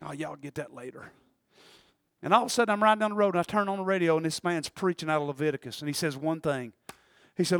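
A man preaching a sermon, swinging from shouts to low murmurs. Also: sing-song, fast, gravelly, no echo, clean studio sound.

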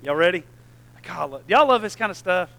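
A middle-aged man, preaching a sermon that swings between low conversational asides and loud, shouted passages. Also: expressive, a little fast, gravelly, rough recording.

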